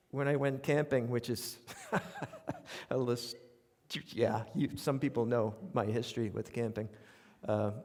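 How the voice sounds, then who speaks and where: On a theater stage before a live audience, a radio commentator performs his essays as a humorous storytelling monologue. He's an older man with a New York accent and a mid-range voice, wry and conversational, tossing in animated asides, and the live theater recording has a long reverb.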